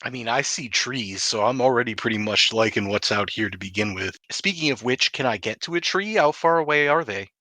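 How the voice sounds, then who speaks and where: Bright-voiced man playing a tabletop game. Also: mid-range voice, lively intonation, brisk, hardly any pauses, no room sound. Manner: jokey, says what his character does. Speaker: player. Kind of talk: casual tabletop play.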